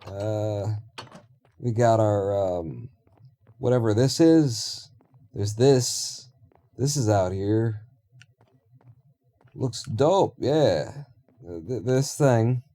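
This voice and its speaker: Man, deep mellow voice, rambling live-stream chatter, thinks aloud, casual swearing. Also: animated, drawn-out words, long pauses. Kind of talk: casual live-stream commentary while building in a game.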